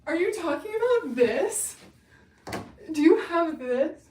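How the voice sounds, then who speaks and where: A woman's voice: very high-pitched, very animated, slow pace, a little mellow, recorded from a distance, a little hiss or hum. A young woman hosting a casual livestream, bubbly and gushing as she chats with viewers, a little winded. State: winded from running. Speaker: livestream host. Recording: echoey room, away from the mic.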